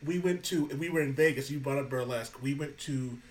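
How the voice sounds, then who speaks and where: A man of middle pitch hosts a podcast in loose, casual chat. He tells stories with animated energy, swears freely and laughs often. His voice sits a little back from the mic. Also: a little fast, far from the mic, poor audio. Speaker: podcast host.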